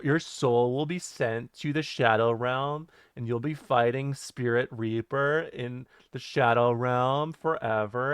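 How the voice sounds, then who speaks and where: A man doing a soft, deadpan narrator giving grim warnings. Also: clean tone, dry recording, lightly acted. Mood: ominous. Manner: slow, low, matter-of-fact delivery of horrific warnings.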